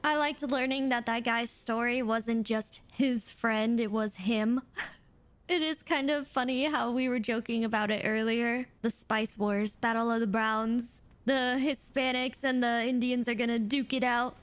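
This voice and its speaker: A woman's voice: on the high side, fairly even intonation, a little slow, smooth. Chatty woman reacting to a clip. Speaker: reaction video host. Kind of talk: casual reaction commentary.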